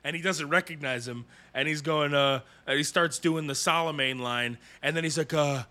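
Man co-host, bright sharp voice, animated and laughing, recaps anime scenes. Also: on the high side, moderate pace. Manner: animated, laughs often, acts out character lines. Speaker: podcast co-host. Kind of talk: casual anime review chat.

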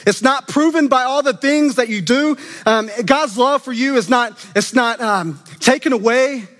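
A man preaching an animated, conversational sermon as a student minister, acting out quoted voices. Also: very high-pitched, moderate pace. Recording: long reverb of a church hall.

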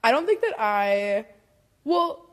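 A woman's voice: fairly high pitch, very animated, slow pace. A young adult woman chatting casually on a podcast, with lots of filler words. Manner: chatty, heavy use of "like" fillers. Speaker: podcast guest or co-host. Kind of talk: casual chat.

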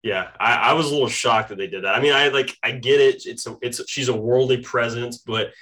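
A man co-hosting a casual sports-betting podcast, easygoing and quick to laugh. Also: medium pitch, pushed and bright. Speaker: podcast co-host.

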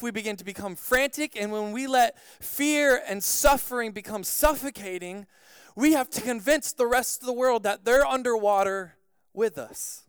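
A man preaching a sermon as pastor, telling a personal story in an animated way with frequent "like" fillers. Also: extremely high pitch, moderate pace, clear, resonant tone, dry recording, studio quality.

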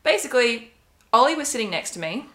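A woman's voice: a little high, very animated, fast, sharp tone. A young woman casually telling a personal story, rambling with many fillers and quoted asides. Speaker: podcast co-host.

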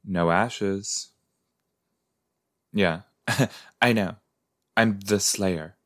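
A man's voice: sits low, very slow, fairly bright tone. A man hosting a podcast, chatting casually as he reacts to an episode he is watching, with frequent exclamations and groans of disgust. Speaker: podcast host.

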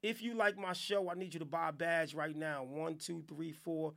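High, gravelly-voiced man ranting. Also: normal speed. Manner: animated, loud bursts of hype and chanting. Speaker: podcast host. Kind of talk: comic live-stream rant.

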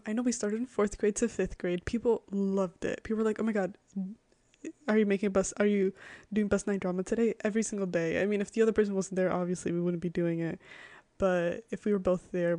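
A woman's voice: medium pitch, a little mellow, no echo. A young woman from Connecticut, hosting a podcast and rambling through childhood stories with lots of "like" and giggles. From Connecticut, USA. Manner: chatty, rambling, full of "like" fillers and giggles. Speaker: podcast host. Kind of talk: casual storytelling.

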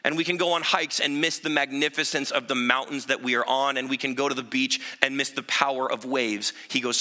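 A man preaching a sermon as pastor, conversational, dropping low and quiet to land his points. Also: steady tone, brisk, hardly any pauses. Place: church sanctuary. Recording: reverberant hall.

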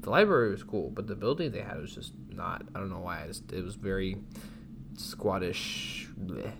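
A man's voice: sits low, big pitch swings, normal speed, vocal fry, a little hiss or hum. A young man co-hosting a casual podcast, playful and rambling as he teases his friend. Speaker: podcast co-host. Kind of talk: casual chat.

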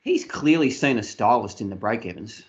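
A man's voice: on the low side, moderate pace, muffled recording. An Australian man co-hosting a casual sports podcast, teasing and incredulous as he runs through odd stories. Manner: animated, incredulous ribbing. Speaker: podcast co-host.

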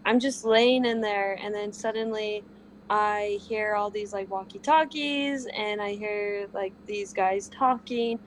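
A woman's voice: medium pitch, steady tone, a little slow, slight background noise, rough recording. A woman guest casually telling a personal story with lots of "like" fillers.

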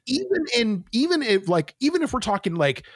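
A man's voice: very high-pitched, very animated, brisk, no room sound, clean studio sound. A man co-hosting a podcast, ranting in disbelief with swearing and lots of fillers. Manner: incredulous, swearing, rambling with fillers. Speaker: podcast co-host. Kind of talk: casual chat.

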